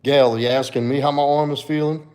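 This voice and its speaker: A man's slightly high, darkish voice comes out a little fast but steady in tone. As a fitness coach and livestream host, he casually fields questions from chat viewers and talks to his dog, staying laid-back throughout.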